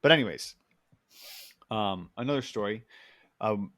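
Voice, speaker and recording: A man's voice: on the low side, unhurried, fairly bright tone. Laughing, rambling young man on a podcast. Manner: rambling storyteller, laughs often, swears freely. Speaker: podcast co-host. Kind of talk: casual chat.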